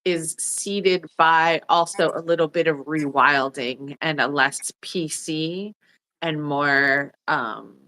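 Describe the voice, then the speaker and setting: A woman co-hosting a reflective spiritual conversation, pausing and searching for the right words as she talks. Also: deep voice, pushed and bright. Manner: searching for words, restarts to find the exact term. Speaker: co-host.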